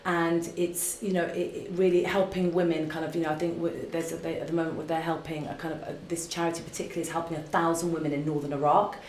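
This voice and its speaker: Woman gushing about makeup on a live stream, lowish voice, lots of you know and kind of, roomy echoey office. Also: flat delivery, fast, hardly any pauses, darkish tone, slight background noise. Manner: gushing and effusive, full of fillers and restarts. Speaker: beauty brand founder answering fan questions. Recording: roomy echo.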